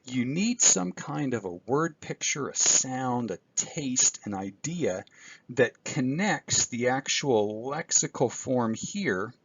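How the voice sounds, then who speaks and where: A man's voice: mid-range voice, animated, slow pace, slightly rough, no echo. A man teaching an introductory Greek class in a recorded screencast, explaining step by step with occasional fillers. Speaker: Greek instructor. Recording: dull, dry screencast audio.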